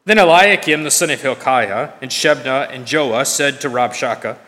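A man reading scripture aloud in a measured, emphatic way, now and then correcting himself. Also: mid-range voice, bright, forceful tone. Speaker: scripture reader. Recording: long reverb of a large hall.

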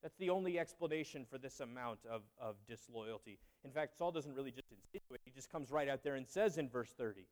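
A man's voice: mid-range voice, brisk, hardly any pauses, darkish tone. A man teaching through a Bible passage in a conversational way, with candid asides and frequent fillers. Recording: long reverb.

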